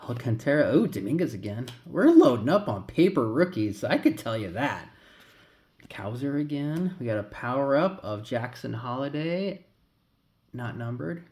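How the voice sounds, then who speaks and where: A man's voice: mid-range voice, sing-song, normal speed, a little mellow. A man casually talking through a pack opening, rambling and calling out names as he flips through cards. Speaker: card collector vlogger.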